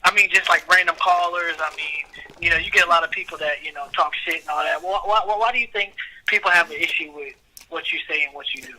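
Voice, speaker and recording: Bright high-pitched male caller. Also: fast, low-quality recording. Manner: casual, profane, questioning. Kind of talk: call-in show talk.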